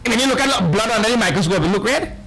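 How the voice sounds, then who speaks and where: Animated Trinidadian swami, high and lively. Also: male voice, racing, a little hiss or hum, poor audio. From Trinidad and Tobago. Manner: animated, questioning listeners, playful asides. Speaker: swami giving a spiritual discourse. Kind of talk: lively lecture on scripture. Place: hall with a live audience.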